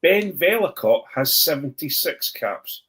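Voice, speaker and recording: A man's voice: fairly high pitch, very animated, measured pace, a bit bright, husky. A man hosting a casual podcast chat, rambling with many ums and self-corrections. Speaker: podcast host.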